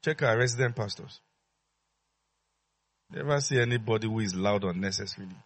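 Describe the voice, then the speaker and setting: A man's voice: fairly low pitch, brisk. A man preaching a sermon as pastor, emphatic, repeating his phrases and leading call-and-response with the congregation.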